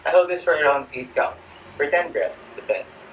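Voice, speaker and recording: A man's voice: a little high, lively intonation, normal speed. A man with a Filipino accent demonstrating a yoga stretching routine, chatty and a bit out of breath, with jokey asides. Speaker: fitness vlogger. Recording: distant mic with faint background noise.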